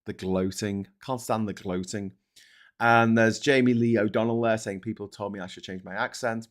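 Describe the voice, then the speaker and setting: A man's voice: on the low side, fairly even intonation, normal speed. A middle-aged British man hosting a casual live stream, rambling, swearing often and mocking himself as he reads comments and papers. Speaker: host.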